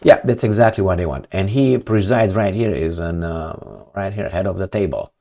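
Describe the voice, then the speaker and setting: Rambling, sarcastic low-voiced man. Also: expressive, normal speed, gravelly, warm tone. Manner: sarcastic, rambling, with many fillers and restarts. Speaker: political commentator. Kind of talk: casual monologue commentary.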